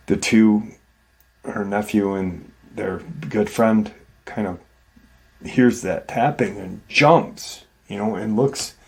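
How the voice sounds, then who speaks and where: A man's voice: lowish voice, a little mellow. A man hosting a show, casually retelling someone's frightening story in a loose, conversational way with many fillers. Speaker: host and storyteller. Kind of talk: casual storytelling of a retold encounter.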